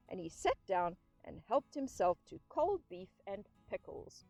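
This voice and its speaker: Woman audiobook narrator, expressive storytelling, dry close sound. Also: mid-range voice, a little slow, few pauses, dry recording, soft background music.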